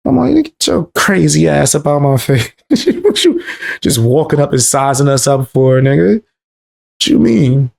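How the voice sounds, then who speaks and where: A man's voice: a little high, lively intonation, moderate pace, gravelly, darkish tone. Profane Bronx man telling stories. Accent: New York (Bronx). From the Bronx, New York. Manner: loose, profane storytelling with street slang. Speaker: live streamer. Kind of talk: casual chat.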